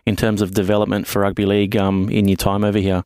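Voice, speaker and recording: A man hosts a podcast with plain enthusiasm. His voice sits low and stays level, smooth and clear. The sound is dry and close. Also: monotone, quick pace, a little mellow, no echo. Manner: enthusiastic, friendly, chatty. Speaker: podcast host. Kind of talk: casual podcast interview.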